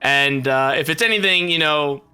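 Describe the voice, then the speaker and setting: This young man narrates his gameplay in a smooth voice on the high side, at a moderate pace. His let's-play commentary is casual, animated and full of swearing, mostly directed at himself.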